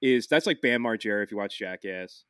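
A man's voice: lowish voice, expressive, a little fast, a bit bright, smooth, dry recording, studio quality. Rambling man. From Philadelphia, USA. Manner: rambling, swears freely, many restarts. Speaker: podcast host. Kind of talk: casual podcast chat.

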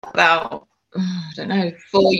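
A woman's voice: lowish voice, level tone, fairly bright tone, dull audio, slight background noise. A woman, an author and spiritual medium, telling her story in an interview, with frequent ums and restarts. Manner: halting, many restarts and ums.

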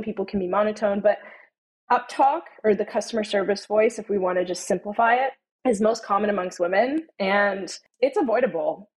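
A young adult woman speaking as an interview guest, telling stories and explaining vocal habits in a relaxed, chatty way, with many "you know" and "like" fillers. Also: medium pitch, rough recording. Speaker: guest, tone-of-voice consultant. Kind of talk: casual conversational interview.

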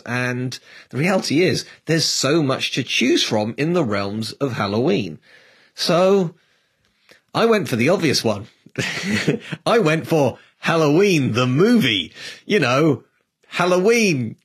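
A man's voice: medium pitch, husky. A man hosting a history podcast in a chatty, upbeat way, laughing easily. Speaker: podcast host. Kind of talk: casual history podcast chat.

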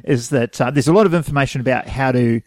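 A man's voice: mid-range voice, fast talker, darkish tone, no room sound. A young man with a New Zealand accent, co-hosting a casual podcast in an easygoing way and laughing readily. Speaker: podcast co-host. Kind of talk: casual chat.

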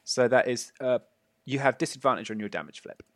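A man acting as game master at a tabletop session, narrating bloody fights with obvious relish. His voice sits at a middle pitch and sounds dry and close, with no room around it. He pads his lines with fillers and laughs along with the table. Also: fairly quick, a bit bright, no room sound. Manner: gleeful, gory narration with frequent fillers and laughs.

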